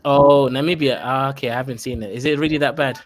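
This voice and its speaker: A man's voice: medium pitch, steady tone, fast. A man with a Kenyan accent hosting a casual chat, playful and teasing, laughing often. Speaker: host.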